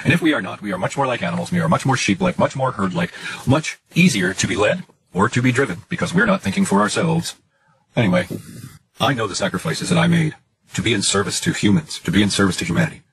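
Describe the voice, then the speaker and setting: A man's voice: mid-range voice, very animated, fast, vocal fry, a bit bright, a little hiss or hum, rough recording. A man in his late forties venting in a frustrated personal monologue, emphatic and profane, piling up lists of words. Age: 40s. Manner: emphatic, profane, repetitive listing.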